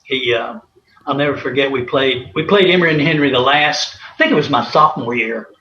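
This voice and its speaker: Fairly quick, bright and forceful, this mid-range male voice belongs to an ex-college athlete rambling through stories with lots of fillers and chuckles during a casual interview. The audio is roomy, slightly dull and faintly hissy.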